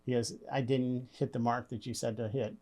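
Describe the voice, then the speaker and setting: A man's voice: mid-range voice, level tone, moderate pace, warm tone. Friendly plainspoken guy, construction boss on a podcast, trips over his first words sometimes. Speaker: construction company leader, guest. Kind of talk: conversational storytelling.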